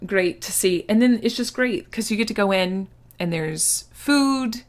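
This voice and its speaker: A woman's voice: mid-range voice, lively intonation, unhurried. A woman hosting a casual podcast chat, bubbly and full of filler words. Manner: bubbly, says "like" a lot. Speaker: podcast host.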